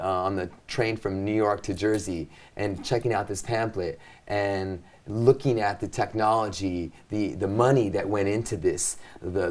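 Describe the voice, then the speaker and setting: A middle-aged man from the US–Mexico border region, casually telling an excitable, profane story in a chat and acting out the voices in his quotes. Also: lowish voice. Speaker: guest.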